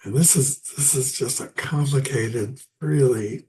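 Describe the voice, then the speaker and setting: A man giving a casual, halting lecture on poetry, with many fillers and restarts. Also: mid-range voice, mellow. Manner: halting, many fillers and restarts, chuckles at his own asides. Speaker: literature teacher.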